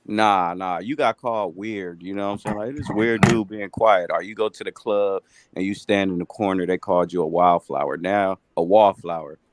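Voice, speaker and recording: A man in his late thirties telling stories in a relaxed, slangy podcast chat. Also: low-pitched, normal speed, few pauses, crowd noise. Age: 30s. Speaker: podcast co-host.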